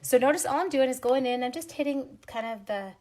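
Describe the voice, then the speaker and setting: A woman's voice: high-pitched, fairly quick, a little mellow. A Canadian woman hosting a live craft stream from home, chatting and giggling at herself as she stamps and colors and greets viewers by name.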